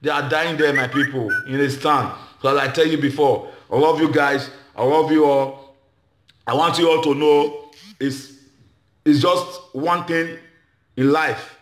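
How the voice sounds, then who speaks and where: Nigerian Pidgin-speaking male comedian, high voice, passionate speech in a roomy space. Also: fairly even intonation, normal speed. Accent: Nigerian Pidgin English. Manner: emphatic, repetitive, shifts between Pidgin and English. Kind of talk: impassioned speech to a gathering.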